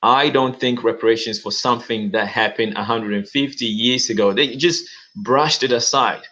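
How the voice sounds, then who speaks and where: A man's voice: medium pitch, normal speed, bright, forceful tone, highs cut off. A man commenting on news in a casual video, emphatic, repeating words and often saying "okay".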